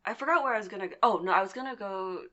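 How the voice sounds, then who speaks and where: A woman's voice: mid-range voice, rapid-fire, muffled recording. Young woman telling a story animatedly. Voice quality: lively, animated retelling with swearing and laughs. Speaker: podcast guest. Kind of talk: casual storytelling.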